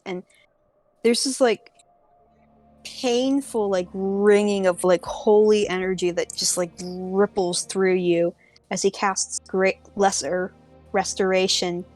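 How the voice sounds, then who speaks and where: Slow-talking woman game master, casual delivery, faint music behind. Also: mid-range voice, darkish tone. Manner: casual, lots of filler words. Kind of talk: narrating a tabletop game.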